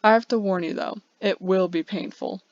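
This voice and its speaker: A calm, cryptic female mentor who gives gentle, terse encouragement, as a woman reads her lines. The voice sits a little higher than the reader's own. The recording is dry and slightly dull, with no room sound. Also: normal speed, gravelly, dry recording, close to an everyday voice.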